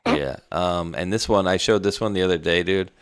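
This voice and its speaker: A man's voice: sits low, moderate pace, clean tone, dry recording, studio quality. A man co-hosting an online talk show in a laid-back, rambling, mocking way. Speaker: co-host. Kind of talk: casual chat.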